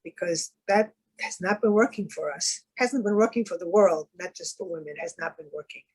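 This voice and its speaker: Calm, measured woman co-host. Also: fairly low pitch, breathy edge, low-quality recording. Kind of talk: casual podcast conversation.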